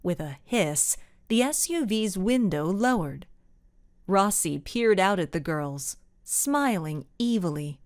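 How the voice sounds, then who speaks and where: A woman reading a children's mystery audiobook aloud as narrator, with expressive storytelling. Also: mid-range voice, takes it slowly, no echo, studio quality. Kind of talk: scripted narration.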